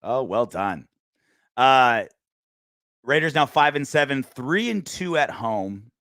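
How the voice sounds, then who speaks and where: A man's voice: medium pitch, very animated, slow pace, fairly bright tone, dry recording, clean studio sound. A man co-hosting a post-game football podcast, bantering crudely and joking. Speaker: podcast co-host.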